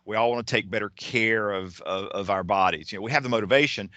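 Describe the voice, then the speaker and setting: A man's voice: lowish voice, fast, pushed and bright, no echo. A man giving a motivational keynote talk, enthusiastic and digressive, often restarting his sentences. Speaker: keynote speaker. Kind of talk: motivational talk on time management.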